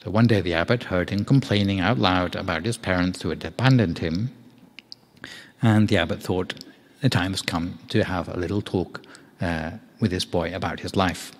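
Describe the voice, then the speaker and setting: A man, a monk, giving a Dhamma talk in a meditation hall, telling a story in a measured, gentle way with a few fillers. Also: low-pitched. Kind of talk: storytelling sermon.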